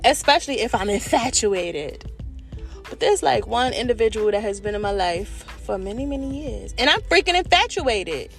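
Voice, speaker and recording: An expressive woman talks straight to her viewers in a candid monologue, her voice sitting fairly high. She speaks in an animated, slangy way with the odd curse word. Soft music plays faintly underneath. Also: normal speed, creaky. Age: adult with children. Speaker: vlogger.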